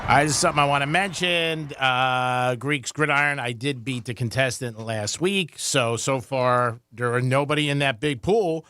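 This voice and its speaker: A man's voice: mid-range voice, moderate pace, hardly any pauses, pushed and bright, clear, resonant tone. Upbeat man giving a radio sports rundown. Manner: upbeat, chatty, with filler "uh"s. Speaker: radio co-host doing sports updates. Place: radio studio. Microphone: studio microphone.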